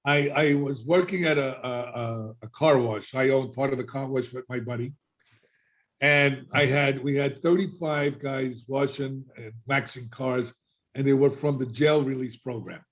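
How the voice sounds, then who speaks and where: Man, middle-aged, podcast guest, casual storytelling, animated, acts out quoted voices, mid-pitched. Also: measured pace.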